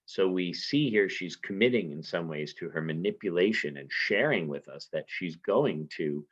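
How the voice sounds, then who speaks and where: A man's voice: deep voice, lively intonation, normal speed, husky. A man teaching literature in a conversational lecture, often asking rhetorical questions and adding "right?" as he explains. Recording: dull lo-fi recording.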